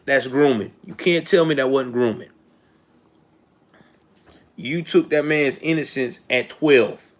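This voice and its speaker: A man in his late thirties hosting a live commentary show, ranting in casual, slangy talk that rises to indignant outbursts. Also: mid-range voice. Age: late 30s.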